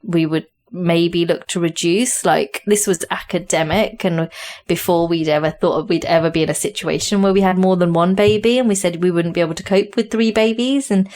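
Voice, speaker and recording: A woman with a British accent, a podcast guest telling a personal story in animated conversation, with quick restarts and frequent laughter. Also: lowish voice.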